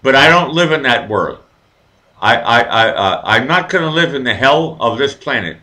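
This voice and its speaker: A man's voice: mid-range voice, moderate pace, low-quality recording. A man hosting a live talk show, rambling and swearing freely as he tells stories. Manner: rambling, profane, animated storytelling. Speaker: show host. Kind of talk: casual live chat.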